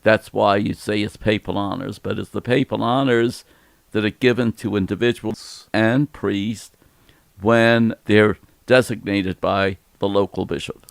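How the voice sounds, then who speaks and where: A man in his seventies, a priest, explaining church matters in a gentle, easygoing chat and laughing easily. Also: fairly low pitch, fairly even intonation, a little slow, creaky, no echo. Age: 70s. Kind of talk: casual Q&A chat.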